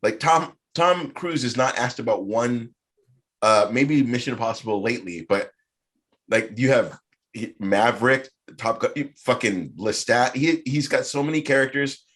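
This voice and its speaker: Guy hosting a podcast, animated, swears a lot, mid pitch. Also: normal speed. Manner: animated, swears freely, trails off and restarts. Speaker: podcast host. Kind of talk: casual chat.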